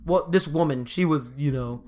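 A man's voice: on the high side, moderate pace, a little mellow. A man in his twenties co-hosting a podcast, telling a funny story in casual chat, laughing often and swearing freely. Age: 20s. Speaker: podcast co-host.

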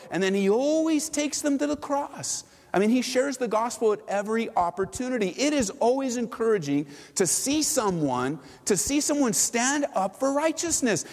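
A man preaching a sermon to his church, animated and full of rhetorical questions. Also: high voice, in a large hall. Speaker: pastor.

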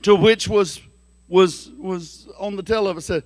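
A man preaching a sermon through folksy, joking stories, animated and lively. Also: high voice, a little slow, no echo. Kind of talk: storytelling sermon.

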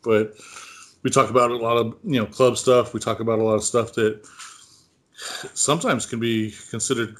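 A man's voice: mid-range voice, fairly even intonation, normal speed, long pauses. A man co-hosting a casual podcast chat, rambling with lots of fillers and frequent laughs. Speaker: podcast co-host.

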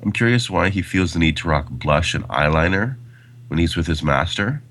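Very deep-voiced man chatting about movies. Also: animated, moderate pace, a bit bright. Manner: rambling, many fillers and restarts. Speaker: podcast co-host. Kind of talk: casual film discussion.

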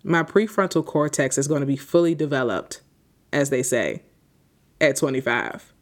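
A woman's voice: a bass voice, moderate pace. Woman, 20s, solo podcast host, unscripted, rambling, heartfelt, grateful.

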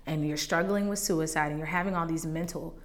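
Speaking briskly in a low-pitched voice with fairly even intonation, a woman hosting a faith podcast shares her personal testimony. She's candid and conversational, and emotion surfaces now and then.

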